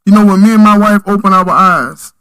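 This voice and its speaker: Guy with a bright punchy voice, fairly high, preacher-ish storytelling on a podcast. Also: brisk, clear, resonant tone, low-quality recording. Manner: earnest, preacherly, emphatic storytelling. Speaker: podcast guest, mentor. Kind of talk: storytelling in conversation.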